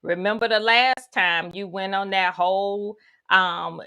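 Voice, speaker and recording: A woman's voice: mid-range voice, fairly even intonation, measured pace, bright, forceful tone, smooth, pitched below the performer's own voice. A woman voicing a sassy, skeptical inner voice that mocks and teases. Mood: mocking. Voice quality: sarcastic, mocking.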